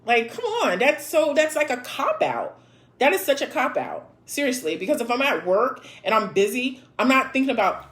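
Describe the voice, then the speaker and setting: A woman's voice: high-pitched, sing-song, normal speed. A woman in her thirties hosting a casual live chat, reading viewer comments aloud and answering in a blunt, sassy way, with frequent laughs and swearing.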